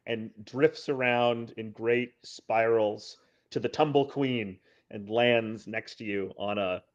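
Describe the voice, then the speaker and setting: A man narrating as game master of a tabletop game, wry and unhurried. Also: medium pitch. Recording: dull lo-fi audio.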